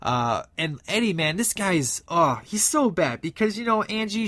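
Male film fan, slightly high voice, rambling casual recap, dry close mic. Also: lively intonation, measured pace, a bit bright, no echo. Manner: enthusiastic, rambling, frequent fillers. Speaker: film reviewer.

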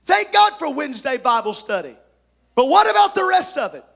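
A man preaches with an unusually high voice carrying a gravelly edge. He is emphatic, swinging from shouted lines to quiet asides. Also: sing-song, brisk. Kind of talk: sermon.

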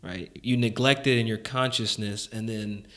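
A man's voice: fairly low pitch, steady tone, normal speed, a bit bright, slight background noise. A man hosting a casual chat, telling a personal story candidly with lots of "like" fillers and frequent chuckles.

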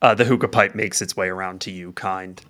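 Bright-voiced man narrating as game master. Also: low-pitched, fairly even intonation, fairly quick. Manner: casual, profane, filler-heavy narration.

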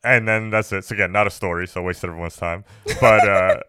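A man's voice: low voice, steady tone, fast, sharp tone, clean tone, no echo, clean studio sound. A man co-hosting a casual movie podcast, rambling with lots of restarts and fillers. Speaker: podcast co-host. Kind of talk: casual chat.

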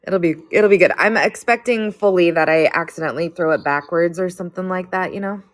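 A woman's voice: on the low side, a little fast, dry recording, studio quality. Self-deprecating woman co-host. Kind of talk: casual podcast chat.

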